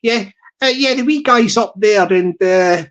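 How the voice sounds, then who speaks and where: A man's voice: sits high, unhurried, a bit bright, highs cut off. A young man hosting a live stream, telling a rambling comic story with lots of restarts and asides.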